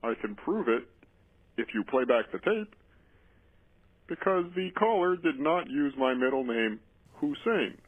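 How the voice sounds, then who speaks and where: Man doing a formal presidential voice, husky, on a tinny phone call. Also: medium pitch, expressive, unhurried, long pauses, no room sound. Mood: calm, formal. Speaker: prank caller.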